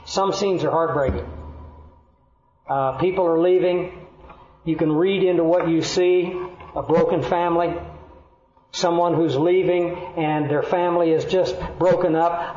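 A man with a high voice delivers a sermon in an earnest storytelling way. The sound is roomy and echoing, and the recording is dull and lo-fi, as if taped in a church hall. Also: a little mellow. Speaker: preacher.

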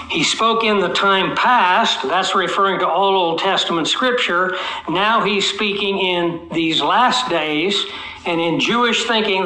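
Bright-voiced man preaching in an echoey room. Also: high voice. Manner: teaching, asks the congregation questions, slows and stretches key words for emphasis. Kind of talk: expository sermon.

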